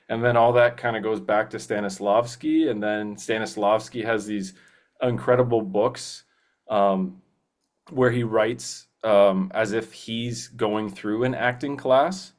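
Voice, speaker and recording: A young man speaks in a lowish voice as a guest in a relaxed interview. He rambles earnestly, restarting sentences and leaning on "you know." His tone stays easygoing and enthusiastic. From Canada. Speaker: guest voice actor. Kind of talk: casual interview.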